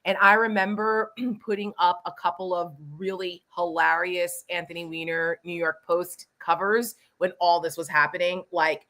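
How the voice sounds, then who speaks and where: Bright-voiced woman, blunt and profane. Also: lowish voice, steady tone, normal speed, few pauses. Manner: blunt, swears, reads headlines with relish. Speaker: podcast co-host; former congressional staffer. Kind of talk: casual political chat.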